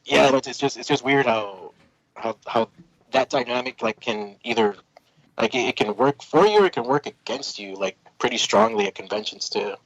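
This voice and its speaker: A man's voice: medium pitch, expressive, moderate pace, fairly bright tone, no echo, rough recording. A man talking casually as a podcast guest and comic creator, laid-back and rambling with lots of filler words. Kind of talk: casual chat.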